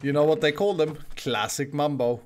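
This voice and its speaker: A man's voice: a little high, moderate pace. A man from Sweden, hosting casual gaming chat with friends, joking and laughing often. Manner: jokey, laughs often, lively teasing. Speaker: channel host, gamer.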